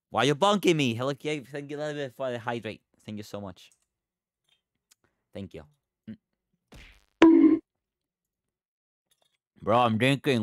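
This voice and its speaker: A man's voice: mid-range voice, animated, moderate pace, pauses often, no room sound, clean studio sound. Chatty young male streamer. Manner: chatty, giggly, thanks viewers, swears casually. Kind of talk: casual stream chat.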